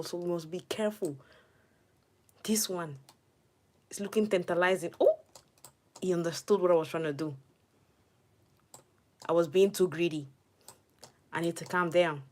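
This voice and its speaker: Brief: woman, gaming host, lowish voice, jumps between squeals and hushed mutters. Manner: excitable, squealing and talking to the game's players; drops to hushed, muttered asides. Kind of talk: live gameplay commentary.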